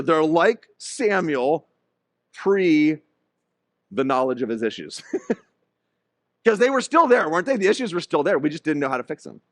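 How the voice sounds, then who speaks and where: High-voiced animated male pastor. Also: dry recording. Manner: animated storytelling with acted-out voices. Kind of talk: sermon.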